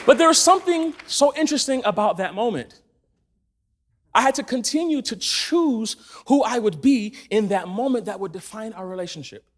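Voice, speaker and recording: A man's voice: high voice, moderate pace, some chatter behind. A man in his thirties from Los Angeles, preaching to a congregation and telling a story with frequent laughter. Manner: animated storytelling, laughing often. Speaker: church speaker. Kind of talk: sermon. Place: church in front of a congregation.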